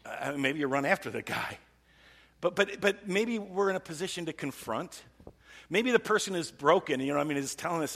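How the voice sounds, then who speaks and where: This male pastor's sermon is conversational and animated, with rhetorical questions directed at the congregation during a church service. He speaks briskly in a fairly high, fairly bright voice, recorded with the long reverb of a large hall.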